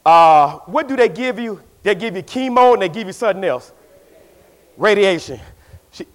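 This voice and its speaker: High-voiced man preaching with fervor. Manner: emphatic preaching, swings between shouting and hushed storytelling; drives points home by repeating phrases. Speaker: pastor. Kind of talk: sermon.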